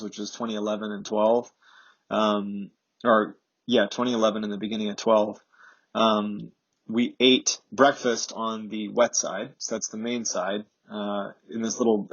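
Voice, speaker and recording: A man's voice: fairly low pitch, slightly rough, lo-fi sound. A man in his thirties, a former instructor, telling stories casually in a podcast interview, rambling with fillers and restarts.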